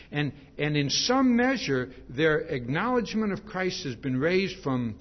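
A man preaching a sermon in a relaxed, conversational way, retelling a story with animated asides and frequent restarts. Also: fairly high pitch, unhurried, hardly any pauses. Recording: dull lo-fi recording.

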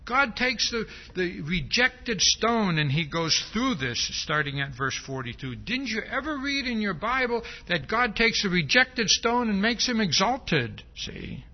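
A man's voice: high voice, sing-song, measured pace, few pauses. A man preaching a sermon, stressing his points with a repeated "see?" and acting out quoted lines. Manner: frequent rhetorical "see?"; emphatic, acts out quoted speech. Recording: dull lo-fi recording.

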